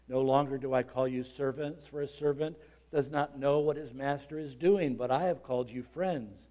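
A man preaching a sermon, reading scripture aloud and explaining it, dropping low and quiet and then building to dramatic shouted peaks.

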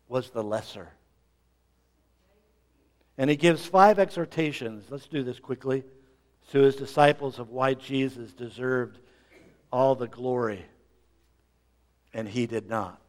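A middle-aged pastor with a mid-range voice preaches a sermon, swinging between loud emphasis and quiet asides.

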